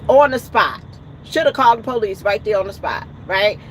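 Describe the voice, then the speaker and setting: An indignant woman trucker speaks, venting in a casual vlog with emphatic bursts. Her voice sits at a middle pitch. Faint traffic noise comes through from outside. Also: expressive, moderate pace. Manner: emphatic and indignant, retelling conversations with rising outbursts. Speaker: truck driver. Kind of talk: ranting vlog storytelling. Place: in or by a truck at a roadside.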